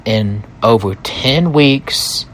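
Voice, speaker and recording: Slow-talking man telling a story. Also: medium pitch, slight background noise. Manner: slow, relaxed, with hesitant restarts. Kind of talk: first-person story narration.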